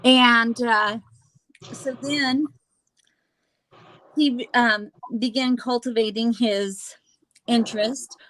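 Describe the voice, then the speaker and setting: A woman hosting a casual true-crime chat, halting with fillers and restarts and dropping sarcastic asides. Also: on the high side, fairly even intonation, fairly bright tone, a little hiss or hum, rough recording. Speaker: host.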